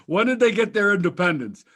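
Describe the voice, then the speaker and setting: A man's voice: sits high, sharp tone. A man co-hosting a markets talk show, chatting casually in a blunt, profane, joking way.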